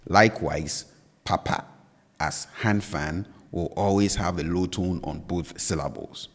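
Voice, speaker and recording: A patient male teacher with a very low voice explains tones step by step in a language lesson. His speech trails off into a long reverb, as if recorded in a bare, echoing room. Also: measured pace. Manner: patient, repeats points with "all right?" and "you know".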